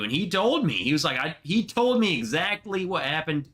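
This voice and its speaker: A man hosting a casual livestream chat, telling a story in a slow, emotional, slangy way, close to tears. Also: a little high, big pitch swings, fairly bright tone. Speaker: livestream host.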